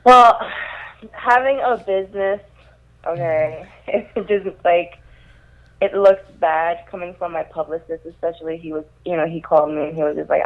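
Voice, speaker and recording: A woman's voice: fairly low pitch, fairly even intonation, moderate pace. A woman calling in to a radio show, chatty and laughing now and then as she tells her story. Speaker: call-in guest. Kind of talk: phone-in chat. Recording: dull lo-fi phone call.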